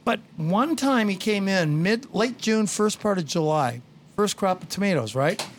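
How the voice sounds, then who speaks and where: A man's voice: high voice, lively intonation, unhurried. A man hosting a casual radio garden show, telling rambling stories with blunt asides.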